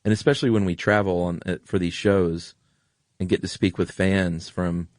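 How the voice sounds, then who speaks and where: A man's voice: sits low, steady tone, normal speed, no echo, studio quality. A man with a General American accent co-hosting a podcast in casual chat, gushing with enthusiasm and repeating himself. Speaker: podcast co-host.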